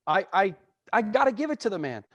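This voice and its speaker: Male podcast co-host, high voice, blunt opinionated sports talk. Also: very animated, fairly quick. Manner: opinionated, emphatic ranting. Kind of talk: casual sports chat.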